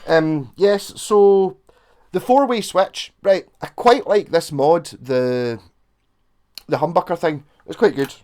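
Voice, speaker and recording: A man's voice: on the high side, slow, a little mellow. A Scottish man chatting frankly through a guitar review, rambling and swearing freely. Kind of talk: casual gear review chat.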